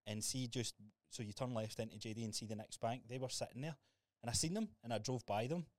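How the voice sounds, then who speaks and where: A man's voice: mid-range voice, fast, dry recording. A young man with a Scottish accent, co-hosting a podcast and telling stories in a sweary, laughing way. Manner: storytelling, sweary, laughs often. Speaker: podcast co-host. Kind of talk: casual chat.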